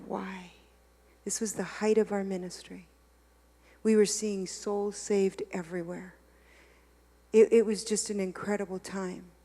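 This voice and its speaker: A woman giving a confessional sermon, dropping to a hush and rising to loud preaching. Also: mid-range voice, long reverb tail. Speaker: guest speaker. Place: church hall.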